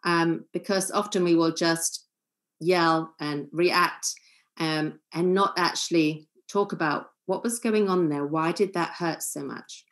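A woman giving a calm, earnest seminar lecture as a family therapist, acting out short example lines. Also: on the low side, slow.

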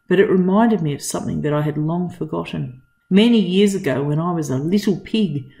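A teacher reading aloud as an old boar leader giving a solemn, measured rousing speech to the farm animals. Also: medium pitch, mellow, reverberant, close to an everyday voice.

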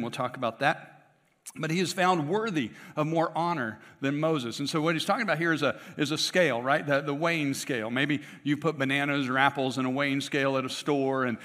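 A man's voice: a little high, a bit bright. A man preaching a conversational sermon, with frequent restarts and asides to the congregation. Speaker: pastor. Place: church sanctuary. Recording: long church reverb.

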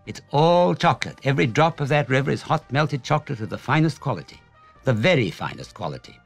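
A man voicing an excitable, eccentric chocolate-factory owner, exclaiming proudly in a storybook reading. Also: mid-range voice, fairly quick, gravelly, soft background music.

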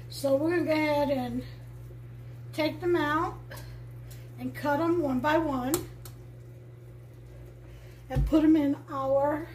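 A woman with a Brooklyn accent hosting a home cooking show, chatting warmly to viewers as she demonstrates a recipe. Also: high voice, steady tone, slow pace, pauses often, slight background noise. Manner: chatty, enthusiastic, talks to viewers. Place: home kitchen.

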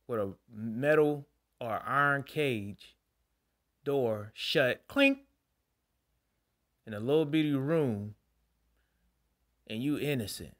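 A young man doing profane, animated stand-up storytelling and acting out voices. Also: mid-range voice. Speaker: stand-up comedian.

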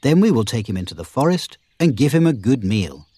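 A man's voice: medium pitch, sing-song, brisk, warm tone, breathy edge, no room sound, studio quality. A man voicing a confident, playful male outlaw leader in a storybook reading.

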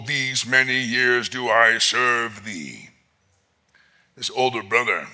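A man preaching a sermon as pastor, expressive and emphatic, rising to loud peaks. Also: medium pitch.

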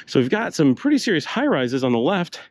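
Walking the city streets outdoors, an older travel vlogger narrates a tour in a chatty, rambling way, breathing a little hard and coughing slightly. His voice is fairly high with big pitch swings and a somewhat fast pace, and there's no room sound.

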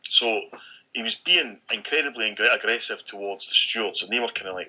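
Bright-voiced Scottish man telling stories. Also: lowish voice, brisk, breathy edge, rough recording. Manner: animated storyteller acting out quoted dialogue, frequent swearing. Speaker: podcast co-host. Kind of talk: casual chat, storytelling.

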